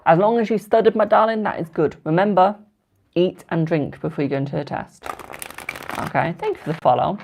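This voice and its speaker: A young man in his twenties runs a live tarot stream, loose and gossipy, warmly calling everyone darling and boo. His voice carries a slightly gravelly, fry-tinged texture at the ends of phrases, and his delivery stays chatty and unhurried. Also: high voice. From United Kingdom. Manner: chatty and affectionate, calls viewers darling and boo. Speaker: tarot reader. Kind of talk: live-stream card readings, casual chat.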